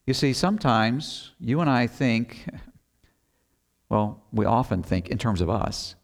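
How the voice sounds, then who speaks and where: A middle-aged man preaching a sermon, reading scripture slowly and deliberately, then explaining it in an earnest, conversational way with rhetorical asides. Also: mid-range voice, expressive, vocal fry.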